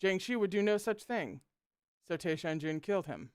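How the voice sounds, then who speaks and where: Smooth-voiced read-along host. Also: mid-range voice, moderate pace, dry recording, studio quality. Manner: expressive, joking asides between passages. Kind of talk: reading a novel aloud with asides.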